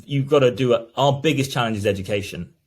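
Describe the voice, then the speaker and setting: A man's voice: medium pitch, fast, a little mellow. A man, a brand founder, explaining his business earnestly as an interview guest. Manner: earnest, explanatory, many restarts.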